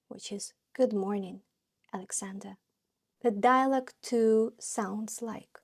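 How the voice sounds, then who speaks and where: A woman's voice: medium pitch, slow pace, gravelly, husky. A woman teaching beginners in a podcast lesson. She speaks in an encouraging, teacherly way and carefully repeats each phrase for her learners. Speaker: Russian language teacher.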